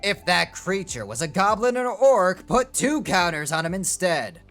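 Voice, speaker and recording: A man chatting casually on a stream as he opens card packs. He is excitable and rambling, swears freely, and his voice sits a bit high. Faint music plays behind him. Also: measured pace. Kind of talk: casual chat while opening card packs.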